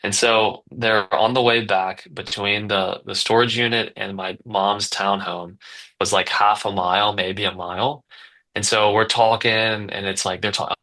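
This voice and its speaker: A business owner in his twenties, appearing as a guest on a casual podcast, rambles through a story while looping back with fillers and restarts. His lower voice has a bright, forceful edge, and his delivery is flat at a normal speed. The audio quality is poor.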